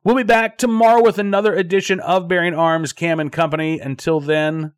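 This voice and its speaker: A man hosts a daily news show, with a voice a little higher than most men's. He talks in a loose, conversational way, full of fillers and restarts. The sound is dry, close and free of room echo. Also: steady tone, a little fast, hardly any pauses, clean tone.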